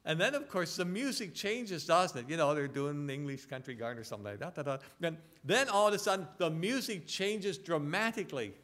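A man delivers a sermon in a conversational preaching style, his voice sitting a little higher than most. He throws rhetorical tag questions at his listeners and slows down to read scripture deliberately. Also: lively intonation, a bit bright. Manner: reads scripture slowly and deliberately. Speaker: pastor.

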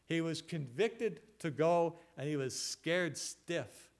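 A man's voice: on the high side, slow. A man preaching an expository sermon as pastor, earnest, asking rhetorical questions and repeating phrases for emphasis.

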